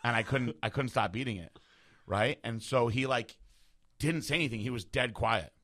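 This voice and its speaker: A young man hosting a podcast, telling a long story in a casual, animated way, swearing freely and acting out the people he quotes. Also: mid-range voice, moderate pace. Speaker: podcast host.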